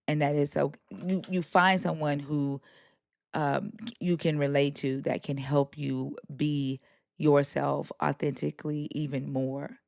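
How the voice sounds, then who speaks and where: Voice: mid-range voice, vocal fry, darkish tone, dry recording, studio quality. A live stream host responding in a casual, supportive way, with frequent fillers and restarts. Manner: supportive, halting, many fillers. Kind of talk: casual chat.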